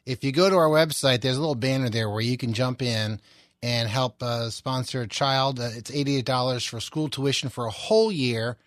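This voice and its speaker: A man's voice: medium pitch, moderate pace, dry recording, clean studio sound. A man hosting a radio talk show, casual and upbeat, plugging giveaways and a website between segments. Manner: casual, upbeat promo delivery with fillers. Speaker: radio host.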